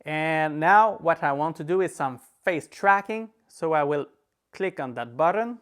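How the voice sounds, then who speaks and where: A man's voice: fairly high pitch, lively intonation, unhurried, fairly bright tone, clean tone. A man with a French accent, a native French speaker, hosting a screen-recorded app tutorial and walking through each step in an easygoing way with small laughs. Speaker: tech tutorial host.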